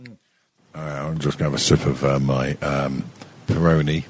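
A man's voice: very deep voice, level tone, moderate pace, no room sound. A man hosting a podcast, rambling and hesitant with crude jokes and many fillers. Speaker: podcast host. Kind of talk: casual chat.

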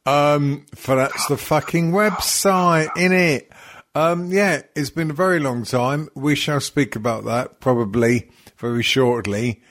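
A tired, yawning man hosts a crude, casual podcast, joking, swearing and rambling with plenty of ums and other fillers. His voice leans high and a bit bright, at a measured pace.

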